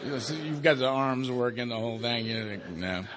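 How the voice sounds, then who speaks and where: An older man from Los Angeles speaking to a live recovery meeting. He tells his story conversationally, laces it with dark, wry humor, and keeps checking in with "right?". His tone turns quiet and subdued for grave memories. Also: medium pitch, fairly quick, noisy background. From Los Angeles, USA. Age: 60s. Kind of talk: recovery talk to a live audience.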